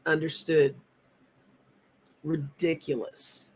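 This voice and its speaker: A woman in her fifties hosting a live tarot stream, talking in a halting, earnest way and reading viewer comments aloud. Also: low voice, level tone, a little mellow, husky. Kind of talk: casual live-stream chat.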